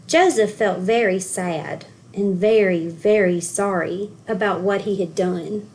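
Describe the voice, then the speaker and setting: A woman school counselor reading a children's storybook aloud, telling the story clearly and expressively for young children. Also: mid-range voice, a little slow, hardly any pauses, darkish tone.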